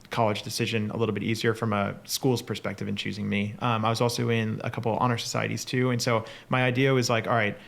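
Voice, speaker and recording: A man's voice: lowish voice, gravelly. A man with a New York area accent, a company founder talking passionately as a podcast guest, full of fillers. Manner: fast, filler-heavy, passionate. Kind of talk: casual chat.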